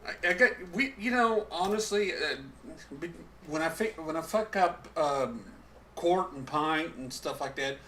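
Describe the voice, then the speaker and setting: Bright-voiced man rambling on a podcast. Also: on the high side, a little slow. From living in Oklahoma. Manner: rambling, stop-start, restarts sentences. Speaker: podcast host. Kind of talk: casual podcast chat.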